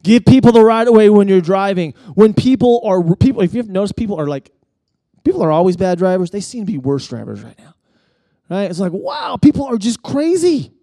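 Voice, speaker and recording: A male pastor preaching a sermon in a conversational, animated way, often restarting his phrases and building intensity as he tells stories. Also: high voice, a little fast, no echo, clean studio sound. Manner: conversational with frequent restarts and stammers; animated storytelling, rising intensity at key points.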